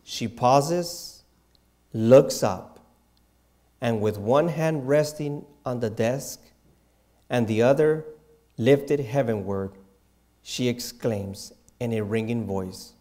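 A man preaching a sermon in a slow, reverent manner, dropping to soft, hushed asides. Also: medium pitch. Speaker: pastor.

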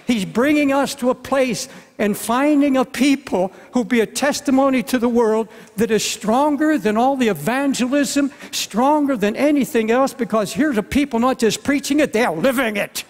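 A man's voice: very high-pitched, normal speed, hardly any pauses. A man in his seventies preaching a sermon as pastor, earnest and pleading, often repeating his words. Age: 70s. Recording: long hall reverb.

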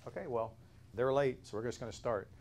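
A man's voice: mid-range voice, brisk, a little mellow, a little hiss or hum. A man leading a Bible study class, explaining in an earnest way with frequent restarts and self-corrections.

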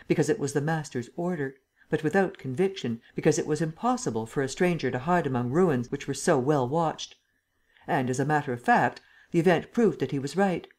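A woman narrating a classic detective novel as an audiobook, steady and unhurried. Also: low-pitched. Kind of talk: scripted narration.

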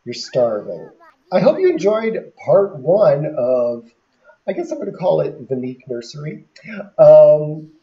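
Low, lively-voiced woman narrating gameplay. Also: measured pace, highs cut off. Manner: chatty, talks to characters on screen, laughs often. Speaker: gameplay commentator. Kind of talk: casual gameplay commentary.

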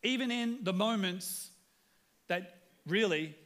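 A man's high-sitting, slightly bright voice takes its time as he preaches a sermon in church. He's a pastor with an Australian accent, earnest and conversational, who tends to repeat words as he opens sentences.

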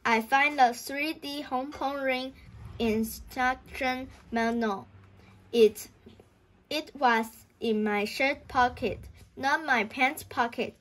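A woman's voice: high-pitched, slow, a bit bright. A woman reading a children's book aloud, voicing a mischievous, scheming schoolboy in an eager way. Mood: excited.

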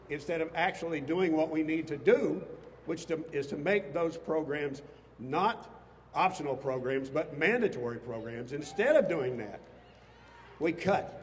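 Male politician, passionate rally speech, slightly high voice, long reverb off the PA, faint noise. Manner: impassioned, rising to emphatic bursts. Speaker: state legislator addressing a rally. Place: outdoors on capitol steps before a crowd.

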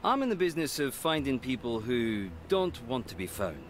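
A man's voice: mid-range voice, very animated, normal speed, soft background music, natural voice. An actor voicing a confident male private eye in a mystery game.

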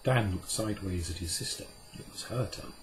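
A man reading a classic children's story aloud as an unhurried, measured narrator. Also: low voice, a little hiss or hum, rough recording. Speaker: audiobook reader. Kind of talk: scripted narration.

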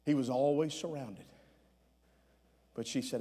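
A man preaching a sermon as pastor, with many "uh" fillers between phrases, rising at times to shouts. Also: mid-range voice, measured pace, pauses often, husky, in a large hall. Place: church sanctuary.

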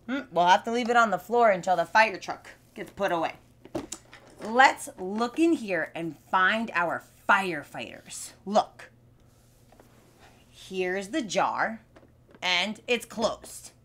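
Young woman teaching little kids, super slow and bouncy, repeats words, voice still a bit off. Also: mid-range voice, fairly bright tone. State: voice still not fully recovered. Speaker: children's speech teacher. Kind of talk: live sing-song lesson for young children.

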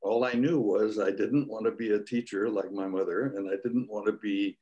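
An older man, a guest scholar, telling stories from his life on a video call in a folksy, unhurried way with chuckling asides. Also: lowish voice, steady tone, warm tone, dull audio. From United States. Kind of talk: reflective storytelling.

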